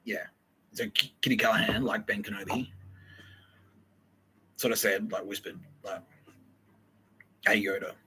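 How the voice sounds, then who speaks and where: Young aussie guy rambling a comedy story, lots of swearing, lowish voice but forceful, little bit of hiss. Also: steady tone, low-quality recording. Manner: casual, swears a lot, acts out quotes in quick asides. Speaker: podcast host.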